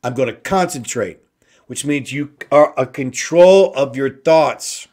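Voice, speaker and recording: A man hosting an inspirational talk show, slowly repeating simple phrases with emphasis. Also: medium pitch, darkish tone. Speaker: host.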